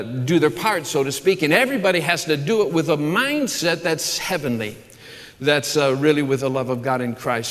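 A man preaching to his congregation in an earnest, building way, stacking phrases one after another. His voice sits a little high for a man. The sound rings with long reverb from a large church hall. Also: a bit bright. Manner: earnest, repeats words and restarts, builds lists. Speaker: pastor. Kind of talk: sermon.

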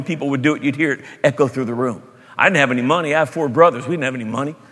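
Animated preaching man in a reverberant hall. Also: on the high side. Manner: animated, jumps between loud emphasis and quiet asides. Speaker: pastor. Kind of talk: sermon with storytelling.

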